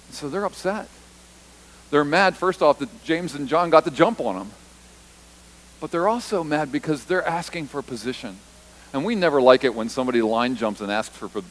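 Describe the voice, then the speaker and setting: This church sermon comes from a male pastor whose mid-range voice sounds animated and brisk, though the recording quality is low. Speaking in a conversational way, he hammers points home through repetition and voices the disciples and Jesus in brief quoted snippets.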